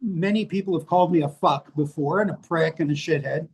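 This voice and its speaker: Older american guy, kinda high voice, swears a lot, brutally honest interview chat. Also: fairly quick, gravelly, slight background noise. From United States. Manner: blunt, profane, self-mocking. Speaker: interview guest, author. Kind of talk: candid casual conversation. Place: rainy place indoors, rain outside.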